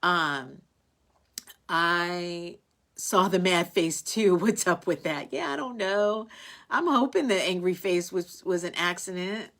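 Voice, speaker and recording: Low-voiced woman hosting a casual live chat. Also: slow pace. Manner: warm, heartfelt, rambling with many fillers and restarts. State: tearful at moments. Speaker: host of a live online show. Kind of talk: casual live-stream chat reading viewer comments.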